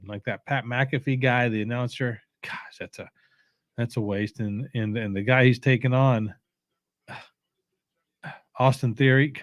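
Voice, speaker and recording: A man's voice: medium pitch, no room sound, studio quality. Sleepy, opinionated man rambling casually. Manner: opinionated, halting, many fillers and restarts. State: sleepy, yawning. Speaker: watch-along host.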